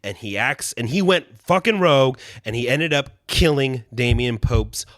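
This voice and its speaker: A man with a lively, swinging voice and a bright, forceful edge, ranting about television. His speech is casual and full of swearing, and he acts out quotes loudly. The sound is dry and close. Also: mid-range voice, moderate pace, no room sound. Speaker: podcast co-host.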